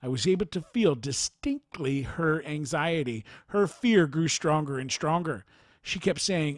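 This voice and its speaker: A man narrating a near-death experience account in a formal, measured reading style. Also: a little high, expressive, dry recording, clean studio sound.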